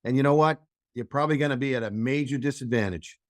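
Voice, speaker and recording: A man's voice: medium pitch, fast, dry recording. A man on a podcast giving blunt, emphatic advice. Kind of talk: casual podcast chat.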